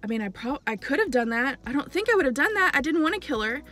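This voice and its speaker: A woman quoting a shaken man, hushed and halting. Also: high voice, very animated, faint music behind, full character voice. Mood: rattled. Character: shaken young man unsure if he killed.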